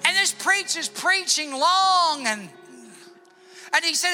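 Male pastor, very high and bright tone, animated testimony, soft music under him. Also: normal speed. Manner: animated storytelling, drops to hushed tones for prayer. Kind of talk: Easter sermon with personal testimony. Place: church building before a congregation.

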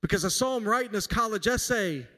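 A man in his forties delivers a conversational sermon, slipping in dry self-deprecating asides and family stories. His voice sits a little high for a man, and a long reverb trails each phrase through the church hall. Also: animated, quick pace, bright, forceful tone. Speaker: pastor. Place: church sanctuary.

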